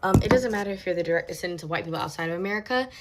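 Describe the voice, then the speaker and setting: A woman's voice: fairly low pitch, rapid-fire, a crowd in the background. A woman giving emphatic, lecturing commentary to camera, repeating words for stress. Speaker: social media commentator.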